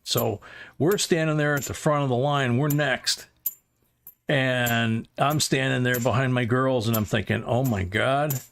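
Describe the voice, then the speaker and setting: A man's voice: medium pitch, unhurried, vocal fry, fairly bright tone, a little hiss or hum. A middle-aged man hosting a livestream, rambling through a casual anecdote with chuckles. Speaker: livestream host.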